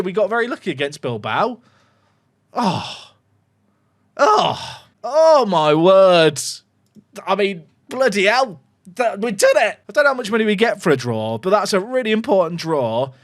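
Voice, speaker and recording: Excitable male gaming commentator who shrieks at chances, wildly animated delivery, dry close sound. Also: high-pitched, no room sound. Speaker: gaming YouTuber. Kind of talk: live football-game commentary.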